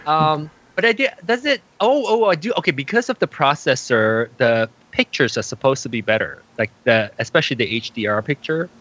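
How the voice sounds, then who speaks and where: A man's voice: on the high side, lively intonation, a little fast, few pauses, a bit bright, highs cut off, a little hiss or hum. A man co-hosting a casual tech chat, laughing often and restarting his sentences. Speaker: podcast co-host.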